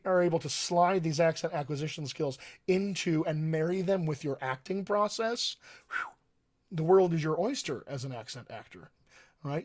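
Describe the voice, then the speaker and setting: American man, dialect coach on a livestream, earnest and emphatic, slightly higher voice, repeats his points. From United States. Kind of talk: livestream teaching talk.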